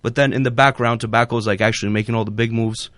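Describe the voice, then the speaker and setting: A man's voice: medium pitch, steady tone, rapid-fire, fairly bright tone, dry recording. A man hosting a radio show, chatting casually and rambling with lots of fillers and restarts. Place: radio studio. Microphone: studio microphone.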